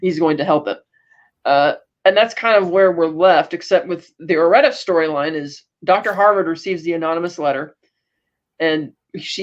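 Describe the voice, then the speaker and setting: A woman co-hosts a podcast, recapping episodes casually and ramblingly while acting out quotes. Her voice is lowish, and the recording has its highs cut off.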